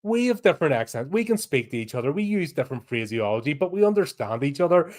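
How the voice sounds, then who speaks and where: A man's voice: a little high, big pitch swings, fast talker, a little mellow. A man with a Northern Irish accent, co-hosting a podcast in casual chat, blunt and ranting, swearing freely. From Northern Ireland. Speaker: podcast co-host.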